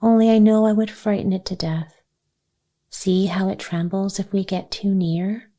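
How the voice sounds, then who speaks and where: A woman's voice: medium pitch, steady tone, normal speed, warm tone, close to an everyday voice. A woman voicing an eager little girl who longs to keep a fawn, speaking in a pleading, heartbroken way in a bedtime storybook reading. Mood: wistful.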